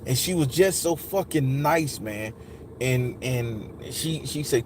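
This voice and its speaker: A man's voice: mid-range voice, slow, noisy background. A man telling a personal memory in casual, profane speech, acting out the quotes with strong emotion. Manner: emotional, profane, animated retelling with acted quotes. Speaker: storyteller recounting a personal memory. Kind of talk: casual spoken testimony.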